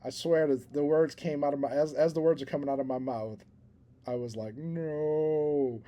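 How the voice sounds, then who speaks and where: A man co-hosts a casual podcast, telling a story at length. His voice is mellow and relaxed, and he mocks himself and laughs along as he talks. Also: medium pitch, fairly quick. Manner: rambling storyteller, self-deprecating, laughs at himself. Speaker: podcast co-host. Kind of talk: casual chat.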